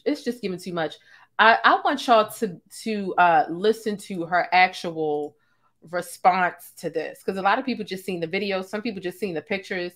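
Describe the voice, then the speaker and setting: A young adult woman hosting a live-stream, ranting in a sassy, profane, animated way with asides to her chat. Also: lowish voice. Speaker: host.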